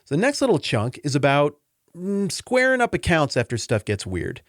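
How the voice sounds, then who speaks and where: Recorded dry with clean studio sound, a man hosts a casual Bible teaching podcast at normal speed. He talks earnestly and openly emotionally, rambling conversationally with lively swings in pitch.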